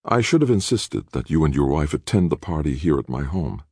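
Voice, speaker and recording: A man reading an audiobook, voicing an imperious older woman politician with a flat, cold, calculating manner. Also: rumbling low, fairly quick, breathy edge, no echo, studio quality, heavily acted. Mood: icy. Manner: icy and flat, coolly calculating. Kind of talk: audiobook character voice.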